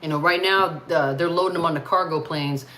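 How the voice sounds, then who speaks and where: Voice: mid-range voice, fairly even intonation, brisk, noisy background. An American host talking casually and bluntly on a livestream, ranting with frequent swearing. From United States.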